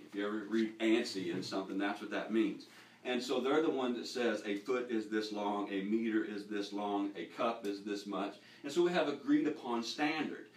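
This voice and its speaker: A middle-aged man teaches a Bible lesson in a living room, talking casually and restarting his sentences with repeated words. His voice comes from across the room and rings off the walls. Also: mid-range voice. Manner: animated, repeats words when starting sentences. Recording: echoey room, voice from far off.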